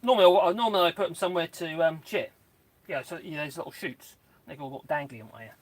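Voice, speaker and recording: This channel host talks fast in a slightly high voice, live-streaming from the mud of his garden. He rambles in a relaxed way, tossing asides to both his dogs and the audience, all captured outdoors by a phone on a tripod.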